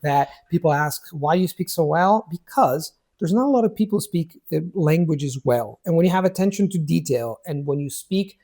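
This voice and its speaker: A man, a language coach, talking in casual conversation, animated and restarting his words often while he acts out quoted speech. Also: on the high side, normal speed, hardly any pauses. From Italy.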